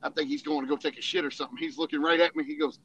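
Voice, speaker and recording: A man's voice: on the high side, steady tone, racing, fairly bright tone, slightly rough, highs cut off. A man telling funny army stories in casual, profane storytelling, laughing and acting out voices as he goes. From Tennessee.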